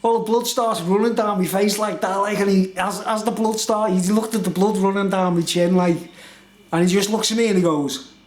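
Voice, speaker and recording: Middle-aged male vlogger, high-pitched, loose rambling storyteller, echoey room. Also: fairly even intonation, moderate pace, darkish tone. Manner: chatty, laughs often, fills with "you know what I mean".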